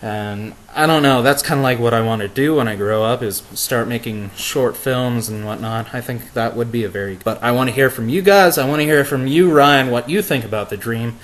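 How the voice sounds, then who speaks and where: A young man vlogging, telling a story emotionally with halting restarts and repeated words. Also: mid-range voice, low-quality recording. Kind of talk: casual vlog monologue.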